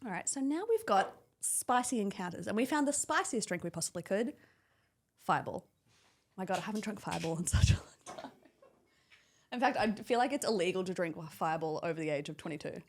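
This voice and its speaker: A young woman co-hosting a podcast, telling animated stories with lots of swearing and acted-out quotes. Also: mid-range voice, a little hiss or hum. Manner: animated storytelling, acts out quotes, swears freely. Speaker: podcast co-host. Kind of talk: casual chat.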